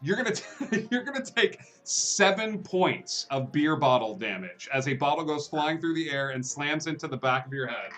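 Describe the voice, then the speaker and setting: A man narrating a tabletop game as game master, relaxed and chuckling, with frequent ums and uhs. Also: fairly high pitch, moderate pace, soft background music.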